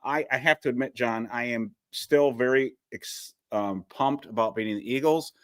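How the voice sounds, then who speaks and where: A man's voice: medium pitch, moderate pace, a bit bright, no echo. Wry, joking male co-host, dry sound. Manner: wry, joking, self-deprecating. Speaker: senior editor, co-host. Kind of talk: casual sports chat.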